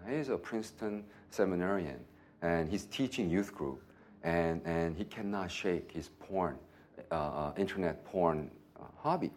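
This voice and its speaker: A pastor preaching a sermon, telling a story with lots of laughter and acted-out dialogue. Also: male voice, deep voice, a little slow, a little hiss or hum. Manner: animated, laughing often, acts out dialogue.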